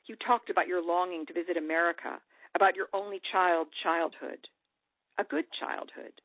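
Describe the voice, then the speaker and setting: A woman author reading her own personal essay aloud in a measured, reflective way. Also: fairly low pitch, fairly even intonation, no echo. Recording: dry, tinny radio broadcast audio.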